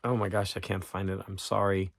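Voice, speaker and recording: A man's voice: low voice, level tone, brisk, gravelly, no room sound, clean studio sound. A man hosting a casual, rambling chat about books he has read, often breaking off and restarting his sentences. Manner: rambling, self-interrupting, chuckling. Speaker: channel host.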